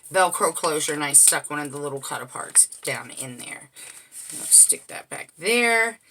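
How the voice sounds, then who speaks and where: A woman's voice: lowish voice, sharp tone. A woman casually walking through a handmade scrapbook album page by page, chatty and explaining each piece as she goes. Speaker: crafter showing a handmade album. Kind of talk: casual show-and-tell narration.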